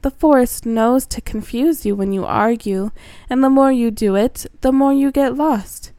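A woman's voice: on the high side, a little slow, dark tone, no room sound. A woman voicing an evil female octopus who rules a kelp forest, talking in a taunting, superior way.

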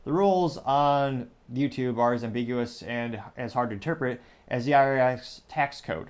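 A man's voice: medium pitch, moderate pace, clear, resonant tone. A man hosting a commentary show, reading social media replies aloud in a dry, mocking way. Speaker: show host.

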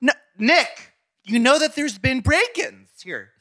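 Man putting on a nagging mom, New Jersey twang, high shrill pitch, bossy questions, sharp tone. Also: animated, takes it slowly, exaggerated voice.

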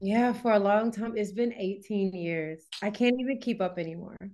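A woman's voice: medium pitch, normal speed. Woman, podcast guest, wellness coach, chatty storyteller, casual interview. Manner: lively storyteller, laughs often, many fillers.

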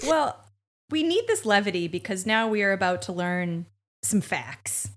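A woman co-hosting a podcast, recapping a TV episode in incredulous, animated casual chat and acting out quoted lines. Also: medium pitch, a little slow. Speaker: podcast co-host.

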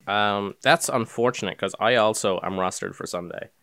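Low-voiced man telling stories. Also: normal speed, gravelly, sharp tone, no room sound, clean studio sound. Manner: storytelling, acts out voices of people in his stories. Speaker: podcast co-host. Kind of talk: casual chat.

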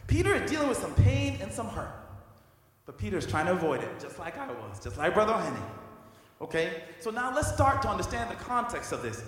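Guy preaching, pretty high voice, bouncy and lively, big echoey church hall. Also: brisk. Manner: conversational preaching, acts out scripture characters in casual slang. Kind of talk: sermon. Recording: echoey hall with long reverb.

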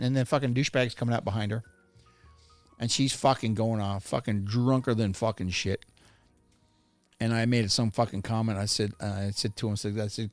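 A man's voice: on the low side, steady tone, brisk, no room sound, soft background music. A man hosting a podcast, telling a profane, rambling story in casual chat. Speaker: podcast host. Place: studio.

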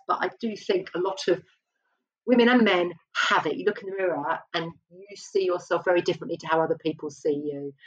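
Husky low woman, open and reflective. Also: dull audio. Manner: open and reflective, often restarting sentences. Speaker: guest. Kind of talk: candid conversational interview.

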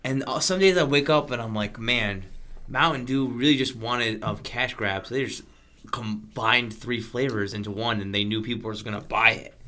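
A man's voice: mid-range voice, normal speed, bright, forceful tone. A young man co-hosting a casual podcast, playful and hesitant, often correcting himself. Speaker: podcast co-host.

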